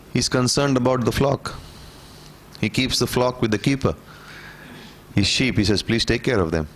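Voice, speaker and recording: A man teaching a church Bible class, reading scripture aloud and explaining it in a conversational way, often checking in with "okay?" and clearing his throat. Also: mid-range voice, fairly bright tone. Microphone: room microphone.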